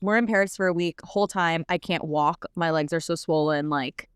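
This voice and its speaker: Appearing as a guest on a podcast, a young woman with a slightly low, notably smooth and clean voice retells events rapidly and animatedly in a casual way, using filler words constantly. The recording is close and dry, with no room sound.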